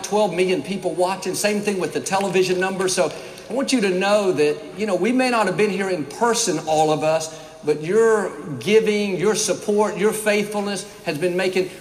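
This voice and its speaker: A man's voice: sits high, a little hiss or hum. A man preaching a sermon to a large congregation, folksy and upbeat, rambling a little before he gets going. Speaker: pastor. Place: church in a former basketball arena. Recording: echoey arena reverb.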